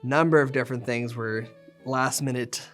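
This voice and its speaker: A man from a film crew recounting a shoot in a steady, matter-of-fact way. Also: medium pitch, moderate pace, soft background music. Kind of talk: behind-the-scenes recollection.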